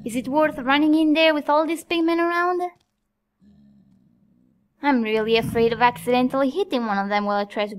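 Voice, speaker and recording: A young woman commentating her own gameplay, nervous and easily startled, yelping at scares and talking herself calm. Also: sits high, slight background noise. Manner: jumpy, nervous, yelps and laughs at scares. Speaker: Minecraft let's-play host.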